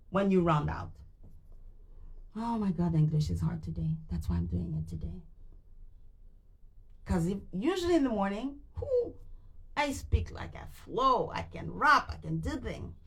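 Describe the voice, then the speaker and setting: Speaking into a mic during a live stream, a weary native French speaker with a French Canadian accent reads a book out loud. Her mid-range voice is lively, and she repeatedly goes back to attempt tricky words.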